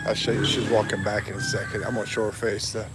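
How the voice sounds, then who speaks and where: A man's voice: lowish voice, level tone, fast talker, over loud music. A man on a casual live walking vlog, chatting, reading viewer comments aloud and laughing often. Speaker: livestream vlogger. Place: outdoors in a town.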